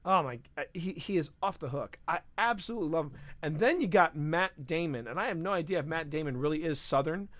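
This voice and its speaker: Brief: male podcast co-host, casual live-stream chat, excitable and rambling, dry studio sound. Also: on the high side, a little fast, few pauses, no echo. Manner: animated, rambling, frequent restarts.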